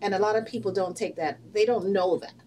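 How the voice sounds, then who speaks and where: A woman's voice: mid-range voice, quick pace, mellow, slight background noise. Woman host a bit far from mic. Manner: encouraging, brief affirmations. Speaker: talk show host. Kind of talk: casual interview chat.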